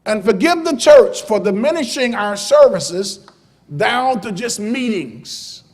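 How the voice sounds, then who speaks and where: A man preaching a sermon as pastor from the pulpit, starting calm and building to loud, shouted preaching. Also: sits high, slow pace, big-room sound. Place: church sanctuary.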